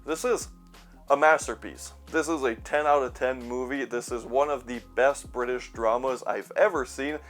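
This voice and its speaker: A man's voice: medium pitch, steady tone, moderate pace, hardly any pauses, faint music behind. A young man chatting casually about his collection, rambling and sarcastic, swearing now and then. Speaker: YouTuber reviewing his movie collection. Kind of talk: casual chat.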